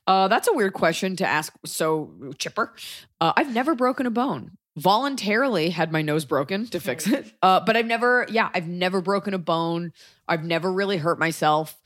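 A woman's voice: on the low side, animated, normal speed, fairly bright tone, dry recording, studio quality. A woman in her thirties hosting a podcast in casual chat, blunt and sarcastic, joking and swearing freely. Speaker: podcast host.

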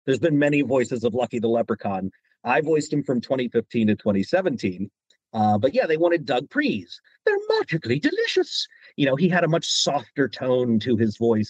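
Husky-voiced man, lively storyteller. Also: medium pitch, dry recording, muffled recording. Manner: animated, drops into quoted voices. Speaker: guest voice actor. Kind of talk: interview storytelling.

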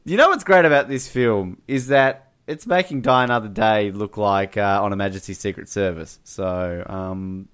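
A man's voice: on the low side, normal speed, few pauses, a bit bright, smooth. A man co-hosting a podcast, chatting casually about a film in a wry, teasing way. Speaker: podcast co-host. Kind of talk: casual film review chat.

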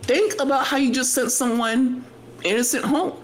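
A man co-hosting a podcast, telling stories in an animated, chatty way with quick asides. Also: extremely high pitch, a little hiss or hum, rough recording. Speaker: podcast co-host. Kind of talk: casual chat.

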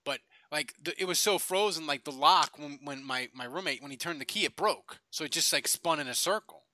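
Middle-aged louisiana guy rambling about old football games, bright voice, dry close sound. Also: on the high side, a little fast, no echo. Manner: rambling storyteller, many restarts and fillers. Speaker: podcast co-host. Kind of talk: casual sports chat.

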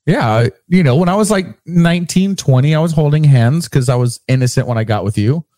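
A man's voice: fairly high pitch, animated, a little fast, warm tone, no room sound. A man cohosting casual banter, crude and teasing, swearing as he goes. His voice is recorded close and dry, with no room sound. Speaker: co-host.

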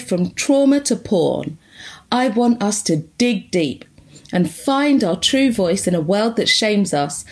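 A woman hosting a podcast, introducing her show and chatting with her guest in a playful, giggly way. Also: mid-range voice. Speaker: podcast host. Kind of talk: casual interview.

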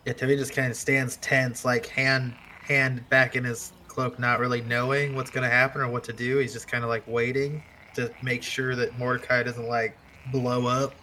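A man's voice: mid-range voice, little pitch movement, normal speed, few pauses, sharp tone, slight background noise. A man playing a tabletop game, casually describing his character's actions. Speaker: player.

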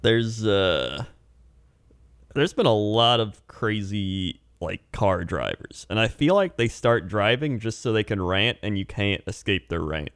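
Low-ish smooth guy, easygoing, chill replies, dry close sound. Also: expressive, unhurried, a bit bright, dry recording. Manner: easygoing, short agreeing replies. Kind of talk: casual chat.

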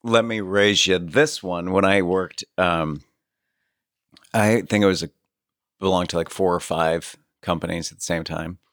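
A man's voice: sits low, steady tone, measured pace, fairly bright tone, no room sound. A man co-hosting a podcast, telling stories in a laid-back, dry way. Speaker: podcast co-host. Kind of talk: casual chat.

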